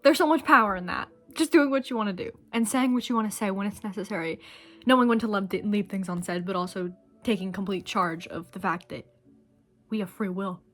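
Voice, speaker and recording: A woman's voice: mid-range voice, fairly quick, faint music behind. A young adult woman talking straight to camera in an earnest, rambling, emotional way, swearing casually as she shares her thoughts. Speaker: vlogger. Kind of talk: heartfelt direct-to-camera monologue.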